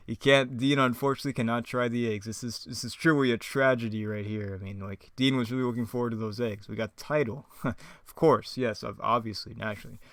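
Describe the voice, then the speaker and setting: A man's voice: medium pitch, steady tone, a little fast, fairly bright tone, no room sound. A man in a casual vlog reading his old scripts aloud, rambling and mocking himself. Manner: rambling, self-mocking, chuckles often. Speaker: YouTuber.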